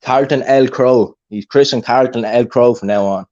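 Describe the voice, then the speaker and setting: A man's voice: mid-range voice, moderate pace, a little mellow. Taunting male caller with boastful banter. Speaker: caller on a livestream. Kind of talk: heated trash-talk banter. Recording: dull lo-fi call audio.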